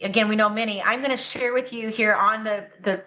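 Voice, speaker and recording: A woman's voice: on the high side, steady tone, a little fast, pushed and bright. A woman guest on a podcast interview, speaking earnestly and with conviction about her advocacy work. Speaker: guest, anti-trafficking advocate.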